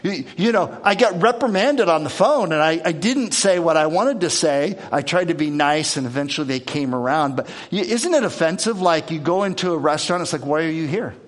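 Earnest preacher man, slightly high voice. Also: lively intonation, brisk, few pauses. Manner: earnest, repeats words, acts out quoted speech. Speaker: pastor. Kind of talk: conversational sermon.

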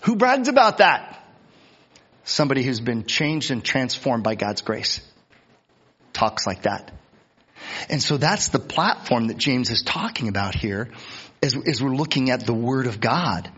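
Guy preaching in church, chatty, repeats himself, husky voice, kinda muffled audio. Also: medium pitch, unhurried, fairly bright tone. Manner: conversational, repeats words, acts out quoted voices. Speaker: pastor. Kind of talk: sermon.

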